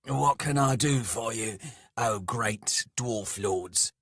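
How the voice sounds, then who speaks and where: A man's voice: mid-range voice, slow pace, fairly bright tone, slightly rough, no echo, clean studio sound, full character voice. A man voicing a hurt, cunning male dwarf who speaks coolly with feigned submission. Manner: cool, controlled, mock-submissive. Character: injured, cunning male dwarf hero, outwardly meek. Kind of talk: audiobook character voice.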